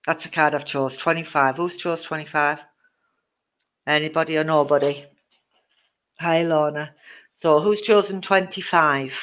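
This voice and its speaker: A woman's voice: low-pitched, a bit bright. A woman hosting a live-stream card reading, chatty and teasing her viewers, with many ums. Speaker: psychic card reader.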